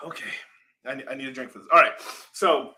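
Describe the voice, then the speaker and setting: A man hosting a casual vlog, telling an animated, profane story with lots of laughing asides. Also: mid-range voice, fast talker. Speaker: crypto channel host.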